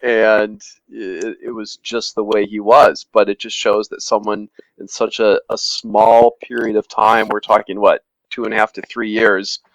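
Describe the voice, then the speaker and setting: A man's voice: lowish voice, flat delivery, measured pace, few pauses, dry recording, rough recording. A man in a casual podcast group chat, remembering a friend in an easygoing, thoughtful way.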